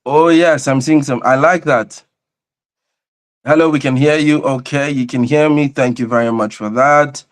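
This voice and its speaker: A man opens a livestream with lively, repetitive enthusiasm and calls out viewers one by one. His voice sits at an ordinary middle pitch. He loops back over the same words as he builds momentum. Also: moderate pace. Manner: energetic, repeats phrases, greets viewers by name. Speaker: host and convener of a livestream. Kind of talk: livestream opening chat.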